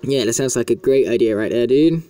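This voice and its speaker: A man's voice: mid-range voice, fairly quick, warm tone, soft background music. A man chatting casually as he plays a video game, in a talkative, self-mocking way. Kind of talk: casual gameplay commentary.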